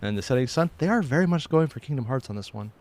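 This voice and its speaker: A man hosting a reaction video, giving casual commentary in an excited, laugh-prone way. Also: mid-range voice, quick pace. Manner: animated, laughs often, excited.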